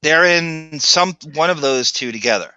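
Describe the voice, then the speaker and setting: A man's voice: on the high side, expressive, moderate pace, pushed and bright, clean tone, no echo, highs cut off. A man hosting a podcast, telling rambling stories in casual chat. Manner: rambling storytelling with restarts. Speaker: podcast host.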